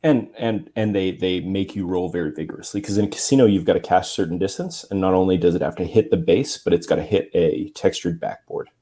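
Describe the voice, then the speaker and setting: A man appearing as a guest rules judge, explaining fairness rules in a measured, deliberate way. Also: deep voice, warm tone. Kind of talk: explanatory chat.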